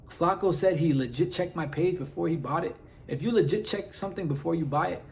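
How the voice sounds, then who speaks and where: A man vlogging straight to his followers, exasperated and firing off rhetorical questions with lots of "like" fillers. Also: fairly high pitch. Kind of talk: direct-to-camera vlog rant.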